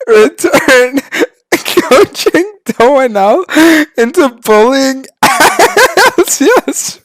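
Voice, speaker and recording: A giggly woman with a high voice that swoops up and down talks very slowly, stretching her words. The sound is dry and close. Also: expressive, no echo.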